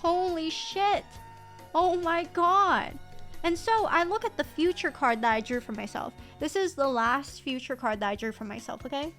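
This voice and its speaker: A woman streamer in casual live-stream chat, excitable and swearing freely. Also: sits high, fairly quick, hardly any pauses, soft background music.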